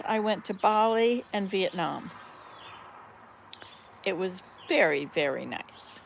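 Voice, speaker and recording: An older woman, a grandmother, chatting casually and telling jokes on her vlog, laughing loudly at the punchlines. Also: medium pitch, lo-fi sound, a little hiss or hum. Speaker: vlogger. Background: birdsong.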